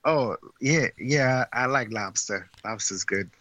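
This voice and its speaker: A man's voice: medium pitch, slow pace, bright, forceful tone, dry recording. A man voicing a brash, blunt Boston guy with a Boston accent who loves coffee and denies he has any accent. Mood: boisterous. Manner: gruff, blunt, denies his own accent. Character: brash middle-aged Boston guy, sleepy coffee lover. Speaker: co-host.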